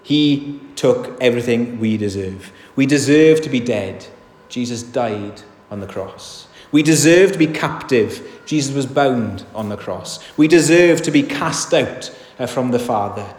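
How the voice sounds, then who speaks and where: A man's voice: medium pitch, lively intonation, unhurried, a little mellow. A man preaching a sermon in a church, earnest and emphatic, often asking his listeners rhetorical questions. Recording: echoey hall reverb.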